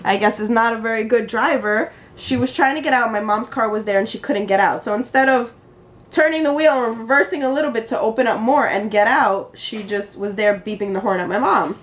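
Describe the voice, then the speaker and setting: A woman's voice: fairly high pitch, fairly quick. A young adult woman vlogging casually into her phone. She tells an exasperating story with laughter and quoted back-and-forth. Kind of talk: casual chat. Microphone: handheld phone camera.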